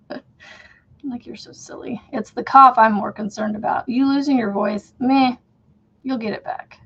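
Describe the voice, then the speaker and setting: A woman's voice: a little high, steady tone, unhurried, creaky, a bit bright, slightly rough, dull audio. A woman in her thirties hosting a casual crochet livestream from home, chatting in a rambling way and laughing often as she works. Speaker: crochet channel host.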